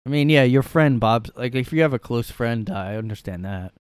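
A man's voice: medium pitch, lively intonation, a little fast, smooth, no echo. Sarcastic rambling man in a dry room. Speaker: podcast host. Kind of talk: casual solo commentary. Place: his room.

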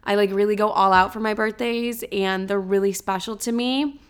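A woman's voice: mid-range voice, steady tone, normal speed, smooth. A young woman hosting a podcast alone, chatting casually and dramatically, swearing and filling her talk with "like". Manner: chatty, dramatic, swears freely, many fillers. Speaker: podcast host. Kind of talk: casual solo chat.

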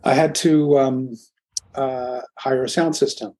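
An older man from Philadelphia, a guest in an interview, telling his story in a rambling, halting way with many restarts. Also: mid-range voice, steady tone, a little mellow. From Philadelphia, USA. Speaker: guest, music producer.

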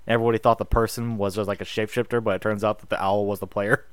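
A man co-hosting a tabletop gaming podcast in casual chat, quick with jokey asides and laughs. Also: lowish voice, little pitch movement, clean tone, no room sound. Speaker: podcast co-host. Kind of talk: casual chat and read sponsor spots.

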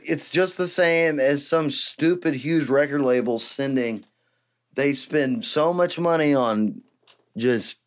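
A man hosting a podcast in a casual, joking, rambling way, getting excited as he riffs. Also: mid-range voice. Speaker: podcast host and guitarist.

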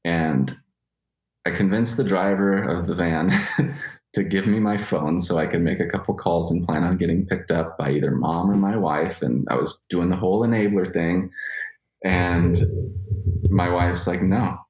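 Low-voiced man telling a candid story. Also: darkish tone. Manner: candid, profane, halting restarts. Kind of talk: personal storytelling. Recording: roomy echo.

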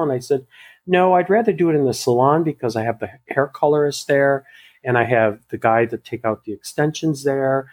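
Speaking at a medium pitch and a fairly quick clip, a male hairstylist tells a story casually in an interview. He animatedly acts out both sides of the conversation, with lots of "you know" fillers and restarts.

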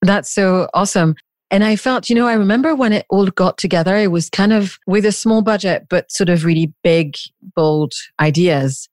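A podcast host talks in an easy, enthusiastic way, asking the guest questions. The voice sits in a middle pitch. It is recorded dry and close on a home studio microphone. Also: moderate pace, a little mellow, dry recording. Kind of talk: casual interview chat.

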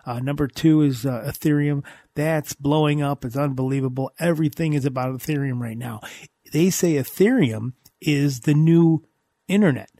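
A man's voice: fairly high pitch, normal speed, mellow, no echo. A man hosting a casual podcast chat, enthusiastic and repetitive, often restarting his sentences. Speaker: host.

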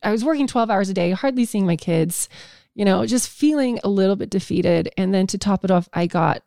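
Candid woman with a creaky voice. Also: mid-range voice, a little fast, dark tone, dry recording, studio quality. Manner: emotional, candid, laughs often. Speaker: podcast host. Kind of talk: personal story on a podcast.

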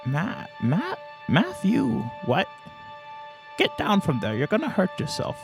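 A man's voice: high voice, wildly swooping pitch, slow, music in the background, voice pushed up, exaggerated voice. A man doing a quavering, senile ancient old man. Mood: distressed. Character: senile ancient man, rambling, wavering and high.

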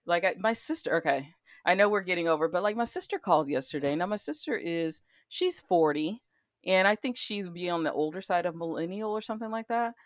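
A middle-aged woman with a fairly low voice co-hosts a podcast, speaking briskly in a studio-quality recording with no room sound. Chatting casually, she tells stories with plenty of laughter and acts out the voices she quotes.

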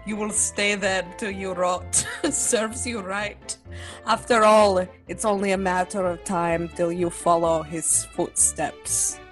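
A woman's voice: medium pitch, steady tone, slow, soft background music, lightly acted. A woman voicing a cruel, mocking male captor in a put-on Cockney accent that drifts toward Scottish. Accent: mock Cockney leaning Scottish. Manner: jeering, laughing cruelly.

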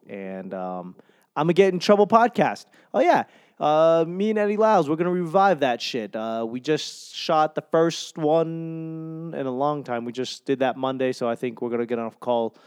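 A man in his twenties hosts his podcast alone, wandering through his thoughts in a sentimental, self-mocking way and swearing freely. His voice is smooth and clear at a middling pitch. It is recorded close and completely dry. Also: moderate pace, darkish tone, no room sound. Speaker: podcast host. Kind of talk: solo podcast monologue.

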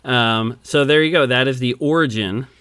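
A podcast co-host with a mid-range, clear, resonant voice that's a little bright tells a folk tale at a normal speed during a casual chat. He acts out the characters and laughs often.

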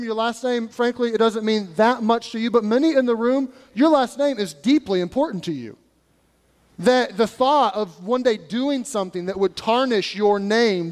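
High-voiced preaching man in a reverberant church. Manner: conversational preaching with repeated rhetorical questions. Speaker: pastor. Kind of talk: sermon. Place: church sanctuary.

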